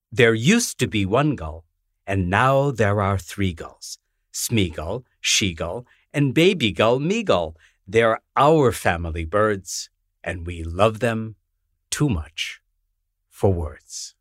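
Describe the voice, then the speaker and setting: A man, the author, reading his rhyming children's book aloud in a gentle, lilting way. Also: on the low side, expressive, takes it slowly, no echo, clean studio sound.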